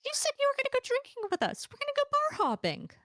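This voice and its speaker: A woman voicing a whiny, clingy tavern companion who whines in a high, pleading voice. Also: huge pitch swings, quick pace, a bit bright, no room sound, clean studio sound, full character voice. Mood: whining. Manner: whining, pleading.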